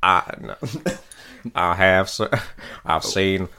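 A man putting on an American Southern accent to play a hesitant Southern gentleman cartoon character. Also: sits low, level tone, drawn-out words, clean tone, exaggerated voice. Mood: bashful. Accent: put-on American Southern.

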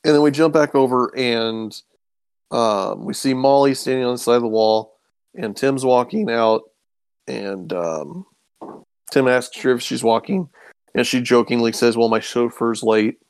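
A man's voice: mid-range voice, a little slow, clear, resonant tone, no room sound. A man casually recapping an episode, rambling with ums and acting out quoted lines. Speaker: podcast co-host recapping a show. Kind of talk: casual chat.

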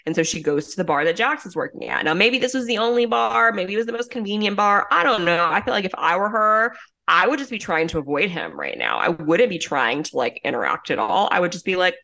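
A woman's voice: lowish voice, very animated, fairly quick, vocal fry, pushed and bright. A young woman co-hosting a podcast, recapping an episode in a chatty storytelling way with lots of asides. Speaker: podcast co-host. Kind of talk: casual recap chat.

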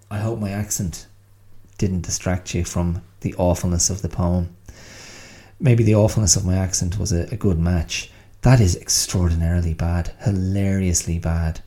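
A man's voice: sits low, a little slow, dark tone. A man hosting his own solo podcast, talking in a wry, self-mocking, chatty way. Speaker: podcast host.

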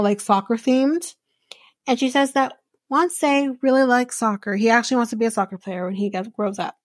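On a podcast, a woman recaps a reality show in a loose, chatty way, rambling and restarting often. Her voice sits on the high side with some vocal fry, and the recording is dry with studio quality.

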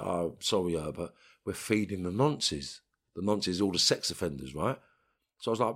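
A man's voice: low voice, lively intonation, moderate pace, a bit bright, husky. A man with a London accent, talking bluntly and streetwise in an interview, with bursts of swearing. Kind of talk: storytelling interview.

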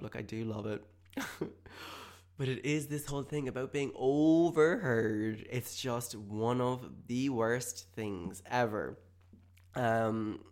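A young man talks through a casual, comic podcast monologue, breaking into loud, exaggerated quoted voices. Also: mid-range voice. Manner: animated storytelling with sudden loud mock-quotes. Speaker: podcast host.

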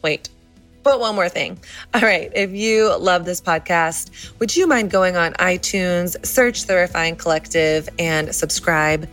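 A woman hosting a podcast, talking in a friendly, chatty way straight to the listener, her voice a little deeper and rougher than usual. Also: a little slow, fairly bright tone, faint music behind. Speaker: podcast host.

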